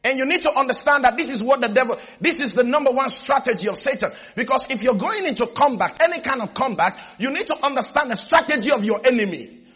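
A man preaching a sermon in a high, bright voice with a husky edge. He urges his congregation on, asks them for responses, and climbs into shouts as he makes his points. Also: expressive, quick pace. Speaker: pastor.

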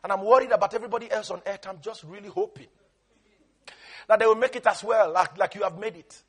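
A soft, fretful voice of a worried male God, as a preacher acts him out, hushed and hurried, with a husky edge. He sounds anxious and hand-wringing rather than mighty. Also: high voice.

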